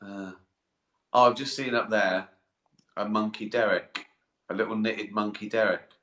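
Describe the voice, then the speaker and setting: Guy in the bath, tired, sweary rambling chat, bright voice, echoey bathroom. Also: lowish voice, steady tone, measured pace. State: tired and sleepy. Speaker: comedian hosting a live stream. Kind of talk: casual live-stream chat.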